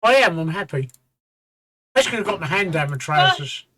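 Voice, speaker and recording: A man's voice: high voice, very animated, fairly quick, bright, forceful tone. Blunt, sweary man. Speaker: stream host. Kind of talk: casual live-stream chat.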